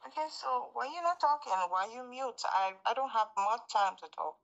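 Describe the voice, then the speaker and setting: A woman calling in while posing as a soldier, talking in a hurried, insistent way. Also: a little high, lively intonation, lo-fi sound, crowd noise.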